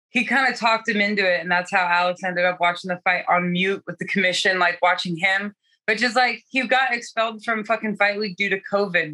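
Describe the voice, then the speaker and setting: A woman's voice: mid-range voice, pushed and bright, low-quality recording. A young adult woman fighter telling her story candidly in a casual interview, laughing often and swearing freely. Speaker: guest fighter.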